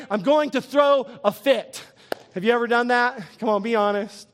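A male pastor giving a lively sermon, quizzing the congregation and chuckling as he goes. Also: very high-pitched.

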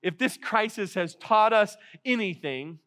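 A middle-aged male pastor preaching a sermon, animated, acting out quotes and laughing often. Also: high-pitched, a little slow.

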